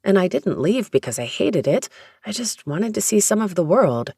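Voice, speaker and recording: An audiobook narrator reading a first-person romance story in a steady, even storytelling manner. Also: medium pitch, normal speed, vocal fry, breathy edge, dry recording, clean studio sound.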